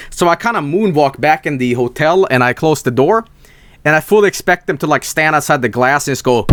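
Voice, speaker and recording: Animated, profane man telling a story. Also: a little high, a little fast, no echo. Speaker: streamer. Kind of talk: casual storytelling.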